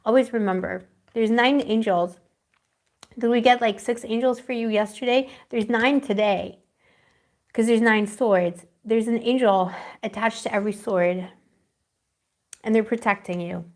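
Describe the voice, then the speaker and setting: A woman's voice: a little high, unhurried, a little mellow. A woman giving a live tarot reading, rambling and affectionate, calling her viewers pet names and searching dreamily for her words. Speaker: tarot reader.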